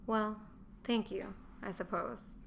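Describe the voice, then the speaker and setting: A woman's voice: medium pitch, fairly even intonation, slow, vocal fry, a little hiss or hum. Timid young roman wife, mild and eager to please, voiced by the woman narrator, storybook. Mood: meek. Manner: meek, mild. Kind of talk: audiobook character voice.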